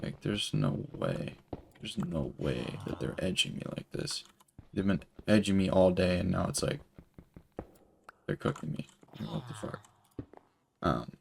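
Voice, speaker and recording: A man's voice: sits low, sing-song, measured pace, vocal fry, pauses often, slight background noise. A young man telling a long story while he plays a game, rambling and swearing, with lots of filler words. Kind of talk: casual storytelling while gaming.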